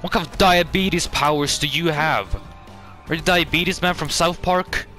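A man hosting a gaming channel, giving excitable, jokey gameplay commentary full of swearing and sudden outbursts. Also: a little high, moderate pace, faint music behind.

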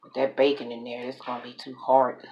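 A woman chats casually as she cooks at home, her voice sitting low. She talks herself through each step and laughs at her own slips. A faint hiss of noise sits under the camera mic. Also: little pitch movement, brisk, dull audio. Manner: chatty, self-talking, laughs at her own mistakes. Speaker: mukbang cooking vlogger. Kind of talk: casual cooking chat to camera. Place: home kitchen with grill.

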